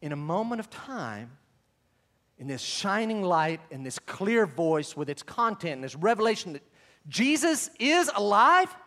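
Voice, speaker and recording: A male pastor preaching a sermon, moving between quiet asides and loud, emphatic stretches. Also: on the high side, expressive, moderate pace, long reverb tail.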